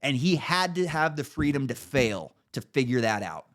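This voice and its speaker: A man's voice: mid-range voice, very animated, normal speed, fairly bright tone. A man hosting a podcast, ranting in casual chat with an emphatic, profane manner. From United States. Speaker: podcast host.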